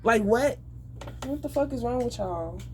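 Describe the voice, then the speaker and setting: A woman venting in an angry, profane, rapid rant. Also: on the high side, lively intonation, slight background noise. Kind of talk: emotional venting monologue.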